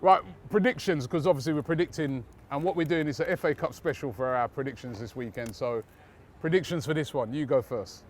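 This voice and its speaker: Quick-talking man at a fan chat. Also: fairly high pitch, slight background noise. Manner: quick, leads the segment, stumbles when interrupted. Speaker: football fan pundit.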